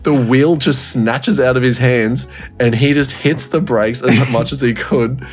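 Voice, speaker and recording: A man's voice: medium pitch, fairly even intonation, measured pace, faint music behind. A man co-hosting a podcast, telling a story in casual chat, laughing often and swearing freely. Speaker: podcast co-host.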